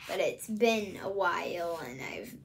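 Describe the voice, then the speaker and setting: A woman's voice: on the low side, expressive, unhurried, a little hiss or hum. A woman from the US Midwest, hosting a casual solo vlog and rambling hesitantly with many fillers. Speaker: channel host.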